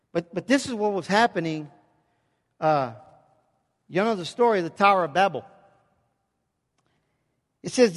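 A man's voice: sits high, big-room sound. A pastor preaching an emphatic sermon in a church, often checking in with his congregation.

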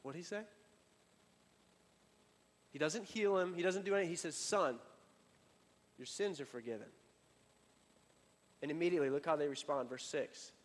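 A man preaching a sermon in a casual, conversational way, full of fillers and restarts, building up and then dropping to a quiet emphasis. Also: fairly high pitch, normal speed, pauses often, big-room sound. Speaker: pastor.

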